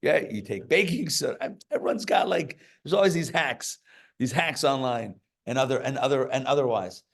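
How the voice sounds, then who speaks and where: A man's voice: medium pitch, expressive, normal speed, creaky, a bit bright. A rabbi teaches a live class in a loose, conversational way. He wanders into stories and joking asides and often stops to restart a sentence. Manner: chatty, joking asides, many fillers and restarts. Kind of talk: casual Torah class with stories. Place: live class before an audience.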